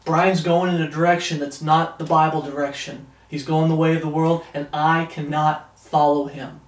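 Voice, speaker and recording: A man's voice: fairly high pitch, level tone, recorded from a distance. Man preaching in a roomy echo. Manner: reads verses slowly with rising emphasis, then comments bluntly. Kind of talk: sermon reading scripture.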